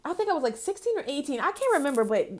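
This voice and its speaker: A young woman with a high voice gives a tarot reading in a loose, affectionate way. She talks in a chatty storytelling manner, full of fillers, and calls her listeners "honey". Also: sing-song, very fast. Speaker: tarot reader. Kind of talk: casual spiritual card reading.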